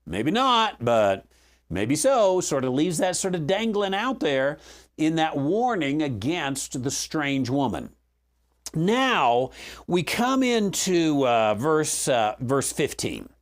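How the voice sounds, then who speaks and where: Male Bible teacher, slow-paced, lively intonation, conversational with fillers, dry wit. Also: fairly high pitch. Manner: conversational, frequent fillers and restarts, dry humor.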